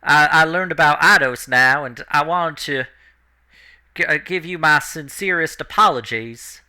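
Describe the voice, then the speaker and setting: A man voicing an apologetic young village boy who rushes through a nervous apology. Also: a little high, bright, forceful tone, smooth, pitched above the performer's own voice. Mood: contrite.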